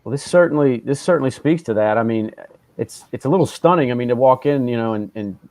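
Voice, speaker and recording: A man talking quickly and earnestly as a guest in a casual online chat, often restarting his sentences. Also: mid-range voice, expressive, a little mellow, dry recording. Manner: fast, earnest, with frequent restarts. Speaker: guest from a sports film crew. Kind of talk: casual chat on a video call.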